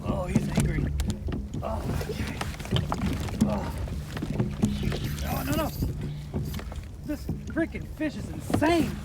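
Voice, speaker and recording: A man, excitedly narrating his fishing out on the water in a hyped, exclamatory way. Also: very high voice, slow, long pauses, heavy background noise. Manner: hyped and exclamatory, keeps shouting "heck yeah, baby". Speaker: fishing vlogger. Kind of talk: excited play-by-play while fishing. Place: outdoors on a kayak on open water. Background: loud background music.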